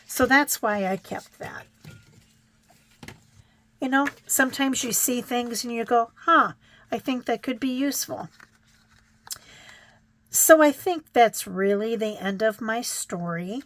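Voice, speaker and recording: A middle-aged woman chatting gently to her viewers in a crafting vlog, reflective and a little choked up, with many pauses and restarts. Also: a little high. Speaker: crafting vlogger. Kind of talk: casual chat to viewers.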